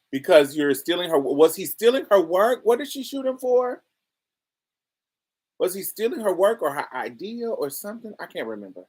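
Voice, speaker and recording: Animated woman host, slangy and lively. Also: fairly low pitch, moderate pace, breathy edge. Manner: animated, slangy, exasperated asides. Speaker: podcast host. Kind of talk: casual review commentary.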